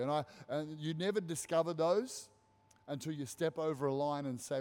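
A male pastor preaching in a church hall on a handheld mic, his voice a touch high. He is animated and rousing, circling back over his phrases to drive them home. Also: moderate pace, smooth. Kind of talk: sermon.

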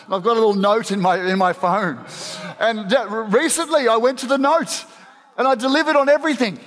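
A man with a notably high voice preaches to his congregation, earnest and emphatic, tripping over restarts as he makes his point. He slips in playful asides between serious beats. His voice carries a long, lingering reverb from a large church hall. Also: fairly quick, a bit bright. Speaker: pastor. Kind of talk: sermon.

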